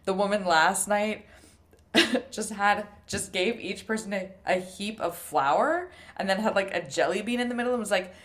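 A young woman co-hosting a food podcast in casual chat, telling animated stories, swearing and laughing often. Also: medium pitch, moderate pace. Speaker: podcast co-host.

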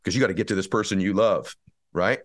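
A man with a low voice delivers an impassioned motivational talk straight to his listeners. He leans hard on emphasis and fires rhetorical question after question. The sound is close and dry, with no room echo. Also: fast talker. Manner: emphatic, hammers points with repeated rhetorical questions. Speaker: motivational speaker.

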